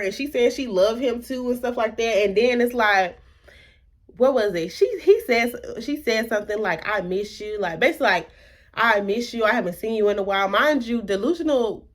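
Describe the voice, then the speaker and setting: A young woman recounts a personal drama to her viewers, animated and talkative. She keeps asking rhetorical questions and acts out what everyone said. Her voice sits in a middle range for a woman. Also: mid-range voice. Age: young adult. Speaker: vlogger. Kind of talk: storytime vlog.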